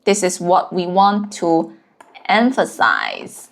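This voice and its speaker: A native-speaking Chinese teacher, a woman with a lowish, creaky voice, narrates a slow step-by-step lesson. Her pitch swoops wildly as she unhurriedly counts out each character's strokes one at a time.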